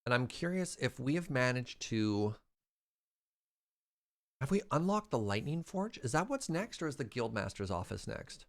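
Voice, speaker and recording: A young Western Canadian man streams a game and chats casually, laughing easily and reading chat aloud. His mid-range voice has a sing-song quality.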